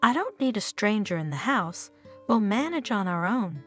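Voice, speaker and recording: A woman reading the lines of a gentle, worried young husband in a story. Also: mid-range voice, sing-song, moderate pace, faint music behind. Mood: pleading.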